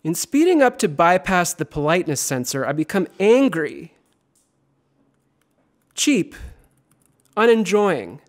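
A man performs his poems at a university reading with a high voice. His delivery is theatrical and lively, swinging from loud lines to hushed ones. He sometimes drops into chanting repeated words. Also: normal speed, hardly any pauses. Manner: chanting repetitions. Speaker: poet. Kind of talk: poetry reading.

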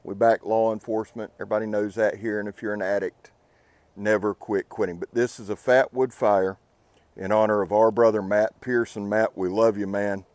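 A man's voice: on the low side, flat delivery, moderate pace, darkish tone, dry recording. A man hosting an outdoor channel, talking earnestly and casually to the camera beside a campfire. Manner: earnest, heartfelt, laid-back. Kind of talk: casual talk to camera by a fire.

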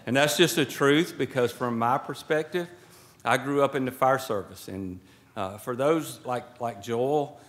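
A man's voice: medium pitch, unhurried, a bit bright. A middle-aged man giving a folksy, joking speech at a podium during an indoor ceremony, with preacher-like asides. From Georgia. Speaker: guest speaker at a swearing-in ceremony. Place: indoor event hall at a podium. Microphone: podium microphone.

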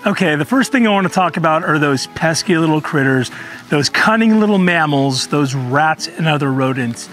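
Chatty high-voiced gardening host. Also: male voice, lively intonation, normal speed, fairly bright tone, soft background music. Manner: chatty, earnest, frequent ums. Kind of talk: casual gardening tutorial. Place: outdoor home orchard.

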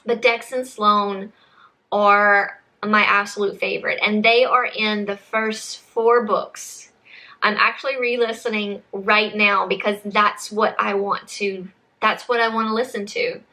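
A woman's voice: mid-range voice, flat delivery, a little slow, sharp tone. A young woman chatting casually to camera as a book vlogger, rambling with frequent restarts and saying y'all.

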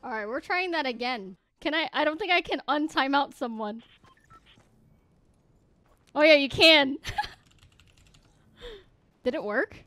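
A young woman narrates her game live, excitable and quick to laugh and shout. Her voice sits high and leaps around a lot. It has a bright, sharp edge. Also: no echo. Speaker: game streamer. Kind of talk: live gameplay commentary.

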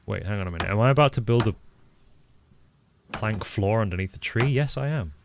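The same kind of Midlands-accented streamer talks fairly quickly here, his fairly low voice animated and creaky. Amid noisy audio and mouse clicks, he rambles through gameplay, answers chat, and swears casually.

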